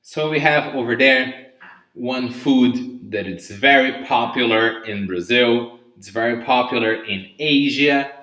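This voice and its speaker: A man's voice: mid-range voice, slow pace, sharp tone. A man teaching English vocabulary in a live online lesson, checking in with "okay?" after each word and cheering on his learners. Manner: lifts to an upbeat "very good" between items. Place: room at home during lockdown. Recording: echoey room, mic at a distance.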